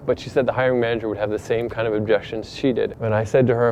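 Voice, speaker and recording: A man's voice: on the low side, little pitch movement, fast talker, a little mellow, dull audio, a little hiss or hum. A middle-aged man from Canada earnestly telling a personal story in a casual, reflective way.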